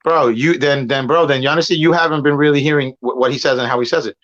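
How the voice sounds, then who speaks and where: In a heated argument on a stream, a Puerto Rican man appears as a guest debater, rambling, cursing and talking over his opponent. He speaks fast in a mid-range, fairly bright voice with fairly even intonation, and the recording is muffled and lo-fi.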